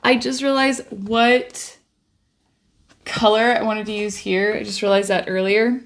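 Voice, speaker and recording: A woman's voice: mid-range voice, little pitch movement, unhurried, heavy background noise. A young woman livestreaming from her home studio while she paints, chatting in a bubbly, rambling way into a desk microphone. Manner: chatty, bubbly, trails off and restarts. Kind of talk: casual chat while painting.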